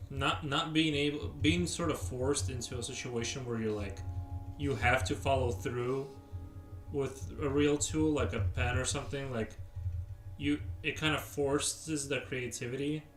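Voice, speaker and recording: A man's voice: mid-range voice, steady tone, measured pace, a bit bright. A man chatting casually on a live stream while he sketches, rambling as he answers viewers' chat. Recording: roomy, distant mic, faint music.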